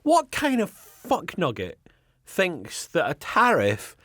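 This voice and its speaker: A man's voice: sits high, huge pitch swings, slow pace, fairly bright tone, dry recording, studio quality. A Scottish man co-hosting a podcast, ranting sarcastically with plenty of swearing in casual comedic chat. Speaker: podcast co-host.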